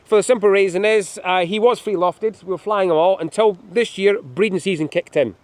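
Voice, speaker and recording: Middle-aged male falconer, quick and light-voiced; chatty demonstrator who slips into jokey anecdotes, recorded outside on a breezy hill. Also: high voice, dry recording. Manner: chatty, joking, animated anecdotes. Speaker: falconer showing birds of prey. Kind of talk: hands-on demonstration with storytelling. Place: outdoors on a windy hilltop.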